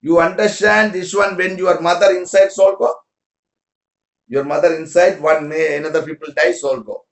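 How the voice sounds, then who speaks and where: A man's voice: a little high, steady tone, moderate pace. A man giving an informal spiritual talk to followers in broken English, repeating words and asking listeners questions. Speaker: spiritual teacher. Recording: roomy echo.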